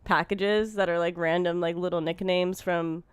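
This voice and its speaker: A woman's voice: fairly low pitch, fairly even intonation, moderate pace, smooth, dry recording. A young woman co-hosting a casual podcast, telling a story in a chatty way and laughing often. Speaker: podcast co-host. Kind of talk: casual chat.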